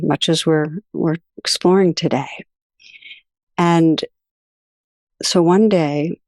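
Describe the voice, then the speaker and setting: Gentle woman teaching meditation, dry sound. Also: low-pitched, no echo. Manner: gentle, unhurried storytelling with soft pauses. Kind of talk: reflective teaching talk.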